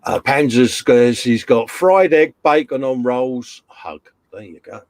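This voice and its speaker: A man's voice: medium pitch, expressive, a little slow, darkish tone, no room sound. A man hosting a casual live stream, chatting and reading out viewer comments in a jokey way.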